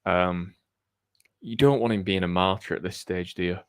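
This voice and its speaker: A man's voice: low-pitched, moderate pace, clean tone, no echo, studio quality. A man co-hosting a live cricket watchalong, chatting casually and thinking aloud with frequent ums. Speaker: cricket podcast co-host.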